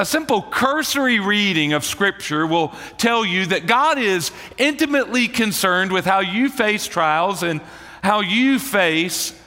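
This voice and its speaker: A man preaching a morning sermon to believers, with rising emphasis and slowed dramatic phrasing. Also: high voice, pushed and bright, long reverb tail. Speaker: pastor.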